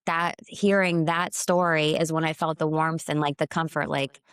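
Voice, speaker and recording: A young woman with a fairly low voice shares a testimony on a relaxed faith podcast. She talks in a reflective, soft-spoken way. The recording is close and dry. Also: moderate pace, clear, resonant tone, no room sound. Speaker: podcast co-host. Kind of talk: casual faith chat.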